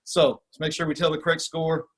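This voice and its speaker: A man's voice: on the high side, little pitch movement, fairly quick, slight background noise. A man coaching a youth golf class over video, talking kids through a lesson and counting out exercises as he does them. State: out of breath during burpees. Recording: voice a little distant from the mic.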